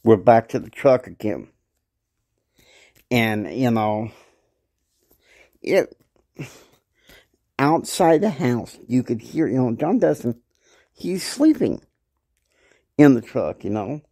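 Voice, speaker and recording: Man retelling a story casually, rambling and slow, mellow tone. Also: medium pitch, sing-song. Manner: rambling, many fillers and restarts.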